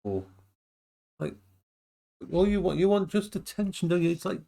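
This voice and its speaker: A man chatting casually on a live stream from his home, often breaking into high baby talk for his dogs. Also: very animated, moderate pace, creaky, long pauses, mellow.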